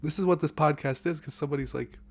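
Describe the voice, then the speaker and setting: Playful joking man with a gravelly voice. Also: a little high, fast talker. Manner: playful, joking, tells tall tales. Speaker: podcast guest. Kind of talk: casual chat.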